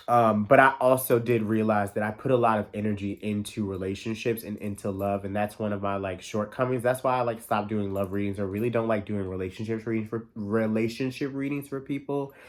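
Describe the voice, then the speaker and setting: A man in his thirties talking in a casual solo monologue as podcast host, fast and excitable with lots of filler words and the odd curse. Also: lowish voice. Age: 30s. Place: New York.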